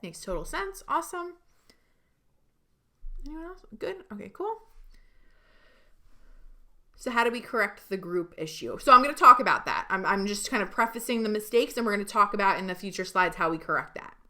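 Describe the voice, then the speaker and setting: Energetic woman coaching online. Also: mid-range voice, fast talker, hardly any pauses. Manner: energetic, emphatic, talks directly to viewers. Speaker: business coach. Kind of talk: live online training.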